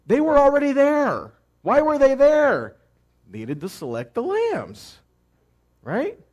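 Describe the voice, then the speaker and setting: A man with a high voice preaches a teaching sermon and often asks his listeners questions before answering them himself. He moves between loud cries and quiet asides. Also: wildly swooping pitch, slow pace, highs cut off. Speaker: messianic teacher.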